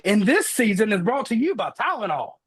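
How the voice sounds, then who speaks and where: A man in his thirties giving an earnest motivational talk, energetic as he tells personal stories on a call. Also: sits high, brisk, breathy edge. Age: 30s. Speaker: motivational speaker.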